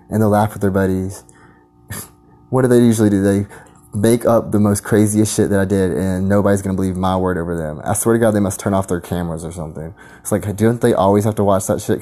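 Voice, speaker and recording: A man delivering a crude, combative rant full of repeated insults. His voice sits low with a dark, mellow tone. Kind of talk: angry profane rant.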